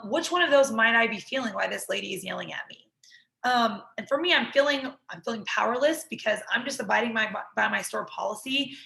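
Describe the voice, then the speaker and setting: Bright, gravelly woman teaching. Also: medium pitch, roomy sound, poor audio. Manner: talks through an example, often checks in with "right?". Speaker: workshop instructor. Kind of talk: conversational teaching.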